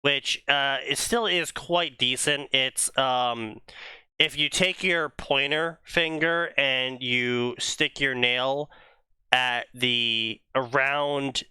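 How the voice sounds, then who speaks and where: A man's voice: medium pitch, sharp tone, clean tone, no echo. A man co-hosting a casual comedic fanfiction reading stream, rambling through jokey explanations.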